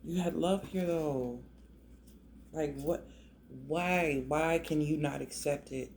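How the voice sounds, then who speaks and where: A man with a gravelly, mellow voice gives a tarot reading in a loose, emotional, conversational way, often restarting his sentences. A faint hiss of background noise sits under his voice. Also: on the high side, slow pace. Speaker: tarot reader. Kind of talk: casual tarot reading to camera.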